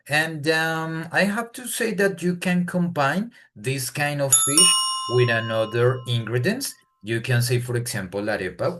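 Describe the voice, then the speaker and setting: A Colombian man with a Colombian accent, a Spanish speaker learning English, talks off the cuff as unscripted speaking practice. His medium-pitched, fairly bright voice comes out hesitantly as he searches for words in his second language.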